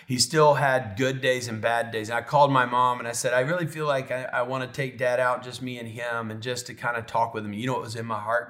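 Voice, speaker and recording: Middle-aged man, pastor, sermon storytelling, emotional, animated, dips soft and tender. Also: medium pitch. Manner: emotional, animated storytelling, drops to near whisper when tender.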